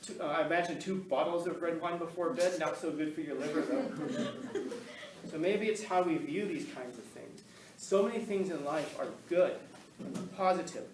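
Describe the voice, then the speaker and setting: A man whose voice is on the high side gives a casual storytelling talk to an audience, rambling along with frequent laughter and restarts. Recorded on camera far from the mic, the echoey room carries faint ambience and slight background noise.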